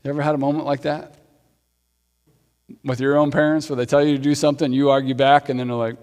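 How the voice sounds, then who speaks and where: A man's voice: medium pitch, flat delivery, fast, darkish tone. Playful pastor, man, echoing sanctuary. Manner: conversational, playful asides to the congregation. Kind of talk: sermon. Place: church sanctuary. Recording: long hall reverb.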